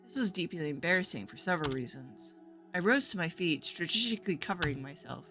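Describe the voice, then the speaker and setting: A woman's voice: on the low side, lively intonation, a little fast, fairly bright tone, faint music behind. A very tired woman streaming a game, reading its story aloud in a sleepy, rambling way. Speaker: gameplay streamer. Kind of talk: reading a visual novel aloud while playing.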